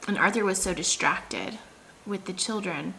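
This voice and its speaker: A woman's voice: medium pitch, normal speed, gravelly, bright, forceful tone, a little hiss or hum. A woman in her thirties, a vlogger, telling a story in a chatty, casual way with lots of fillers and laughs.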